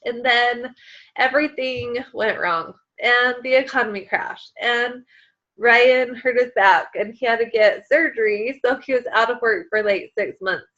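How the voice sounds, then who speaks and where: A woman's voice: on the high side, a little slow, fairly bright tone, dull audio. A woman in her thirties leading a motivational team call, chatty and emotional, with lots of fillers. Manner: emotional, tearful at times, chatty with many fillers. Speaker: team leader on a sales call.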